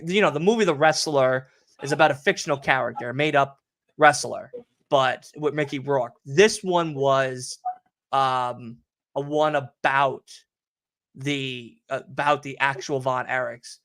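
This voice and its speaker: A man's voice: on the high side, a bit bright. A young man with a New York accent, hosting a podcast and telling a rambling, profane story in casual chat. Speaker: podcast host.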